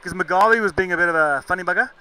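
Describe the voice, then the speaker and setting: Bright high-voiced man calling cricket. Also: quick pace, a little hiss or hum, low-quality recording. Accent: mixed southern African and English. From Zambia. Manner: chatty, jokey, self-correcting. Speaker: cricket commentator. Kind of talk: live match commentary.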